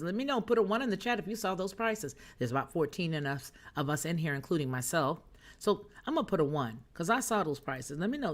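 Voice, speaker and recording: A woman's voice: on the low side, very animated, fairly quick. A woman hosting a news and chat livestream, talking to her viewers in a sassy, emphatic way as she reads their comments. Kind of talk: casual chat, reading chat comments.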